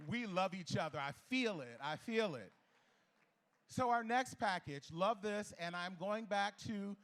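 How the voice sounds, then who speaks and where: A man calling bids at a charity gala auction, playful and teasing with bidders, repeating the bids in quick patter. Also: high-pitched, fairly bright tone. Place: gala ballroom.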